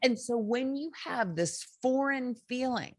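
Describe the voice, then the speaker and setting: A woman's voice: high voice, expressive, unhurried, no echo, studio quality. A woman hosting a motivational self-help talk, earnest and conversational, with many fillers. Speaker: host.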